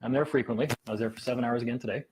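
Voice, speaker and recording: Man, husky voice, fast and animated, casual storytelling, acts out quotes. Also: mid-range voice, rough recording. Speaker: speaker at a meeting.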